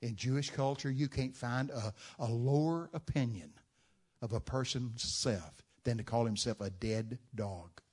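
A man's voice: mid-range voice, unhurried, darkish tone, husky. A male preacher telling a story in a sermon with dramatic delivery and rhetorical questions.

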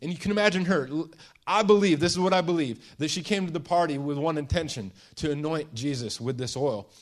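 Man preaching a dramatic story. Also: a little high. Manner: storytelling, dramatizing a scene with voiced quotes; pauses and restarts, shifts between hushed and emphatic. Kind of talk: sermon.

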